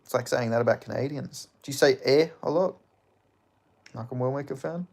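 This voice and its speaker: Aussie streamer, male, mid-pitched, casual chat host, swears freely, jokey, laughs a lot. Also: fairly quick, vocal fry, darkish tone. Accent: Australian. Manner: loose and joking, swears often, laughs between lines. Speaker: livestream host. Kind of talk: casual livestream chat, reading viewer comments.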